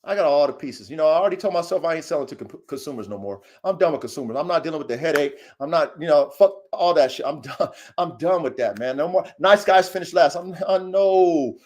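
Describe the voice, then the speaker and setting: A man, rambling through a profane, repetitive, preachy monologue that swings between low mutters and loud outbursts. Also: animated, fast talker. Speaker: dog breeder and vlogger. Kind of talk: casual unscripted monologue.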